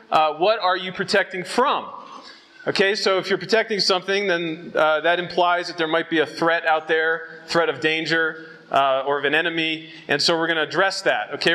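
Male youth preacher, high bright voice, easygoing and chatty, a bit winded. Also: rough recording. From Southern California. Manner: casual and conversational, with fillers and audience check-ins. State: out of breath from altitude. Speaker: conference speaker. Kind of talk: youth conference sermon.

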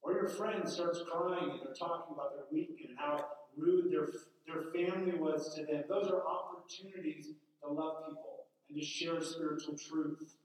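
A man with a fairly high voice preaches in a loose, conversational way. He tells stories and slips into quick asides. The sound is very echoey, with the mic set well back from him in what sounds like a big hall. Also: steady tone. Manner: casual, storytelling with acted asides. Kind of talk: conversational sermon. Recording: echoey room, mic far off.

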